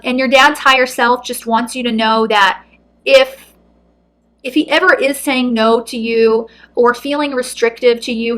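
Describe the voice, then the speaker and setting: A woman giving a heartfelt intuitive card reading, speaking softly and earnestly, close to tears. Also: on the high side. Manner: soft, earnest, emotional. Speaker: tarot reader.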